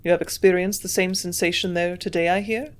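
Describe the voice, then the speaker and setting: A woman's voice: on the low side, fairly even intonation, fairly quick, close to an everyday voice. A woman reading an earnest young doctor.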